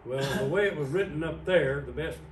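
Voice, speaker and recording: Male pastor, slightly high voice, unhurried Bible teaching, picked up from a distance in a church. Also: a little hiss or hum. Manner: explains slowly, pointing out words on a screen. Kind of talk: evening sermon with Bible teaching. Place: church sanctuary. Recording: roomy church sound from a distant mic.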